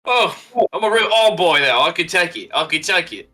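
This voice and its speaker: A man's voice: fairly high pitch, animated, normal speed, bright, forceful tone, soft background music, voice pushed up. A man playing a brash, crude British corporate company man in an exaggerated put-on British accent, mocking and rowdy.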